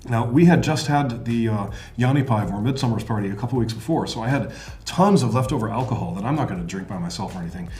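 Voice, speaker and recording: An American man co-hosting a podcast, telling stories in casual chat, playful and quick to laugh. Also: medium pitch, expressive, darkish tone, roomy sound, faint music behind. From United States. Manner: storytelling, playful, laughs easily. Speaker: podcast co-host.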